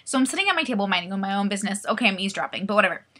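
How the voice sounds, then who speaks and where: A woman in her twenties telling a comic story to camera in a lively, profane way, acting out the people she quotes. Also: mid-range voice, racing. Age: 20s. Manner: animated, profane, acts out quoted voices. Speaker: vlogger. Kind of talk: comedic storytelling vlog.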